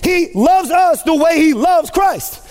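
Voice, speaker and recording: A man with a strikingly high voice delivers a sermon to his congregation. He preaches with mounting fervor, hammering repeated phrases and climbing to shouts. A long reverb from the large church hall trails his words. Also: animated, slow. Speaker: pastor.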